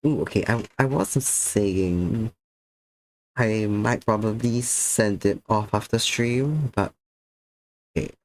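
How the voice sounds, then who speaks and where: Speaking slowly in a fairly low voice, a drowsy man talks with his viewers during an art stream. He is tired and a bit sick, and his words slur slightly. A little hiss or hum can be heard in the recording.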